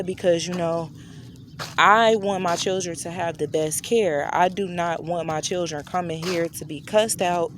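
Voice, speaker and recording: A woman vlogger telling a personal story in a casual, chatty way, talking straight to her viewers and acting out the dialogue. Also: slight background noise. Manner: chatty, addresses viewers directly; acts out quoted dialogue with shifting pitch.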